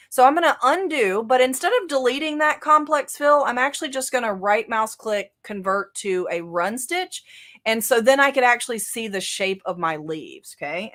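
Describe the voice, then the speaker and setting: Chatty Southern woman teaching software. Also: mid-range voice. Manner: casual, chatty, thinking aloud with fillers. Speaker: software instructor. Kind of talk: live software tutorial.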